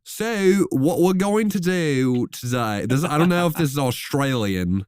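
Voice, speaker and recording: A man's voice: on the low side, normal speed, dry recording, studio quality, close to an everyday voice. A man putting on a playful Australian-sounding accent as a joke, unsure whether it comes out British or Australian. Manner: joking, unsure of his own accent.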